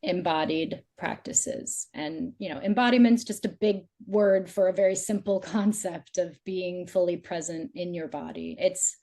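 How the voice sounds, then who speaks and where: A woman's voice: on the low side, sing-song, measured pace, few pauses, mellow. A woman who coaches on dating and relationships, giving casual, chatty advice as a podcast guest, with many "like"s and acted-out quotes of other people. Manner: chatty, says "like" often, acts out quoted voices.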